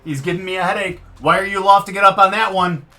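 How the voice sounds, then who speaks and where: Male game commentator, higher-pitched, excitable, yells at plays. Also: fast. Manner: excitable, swings from muttering to shouting at the quarterback. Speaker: gaming commentator. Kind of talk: live gameplay commentary.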